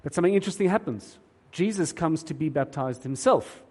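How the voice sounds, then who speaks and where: A man's voice: a little high, expressive, fairly quick, darkish tone, breathy edge. A man preaching a sermon in an earnest, emphatic way, often repeating words as he starts a thought. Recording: long hall reverb.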